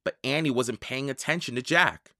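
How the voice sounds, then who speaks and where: A storyteller slowly and expressively narrating a children's audiobook. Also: medium pitch, sharp tone, no echo, studio quality. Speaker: audiobook reader.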